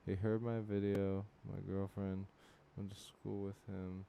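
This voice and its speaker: Low, mellow-voiced man rambling on stream. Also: little pitch movement, unhurried, creaky, a little hiss or hum. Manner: rambling, profane storytelling with frequent fillers; reacts to chat with loud disbelief. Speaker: livestream host. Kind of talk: casual chat.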